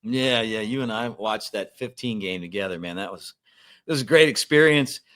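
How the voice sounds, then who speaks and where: A man hosting a casual sports podcast, easygoing and quick to laugh, reading sponsor plugs between chat. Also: lowish voice, a bit bright. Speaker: podcast host.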